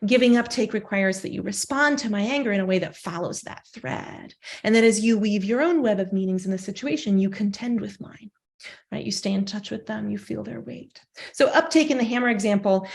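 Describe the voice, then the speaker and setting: A woman lecturing on philosophy in a measured academic style, often adding "um" and a rhetorical "right?". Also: a little high, animated, vocal fry.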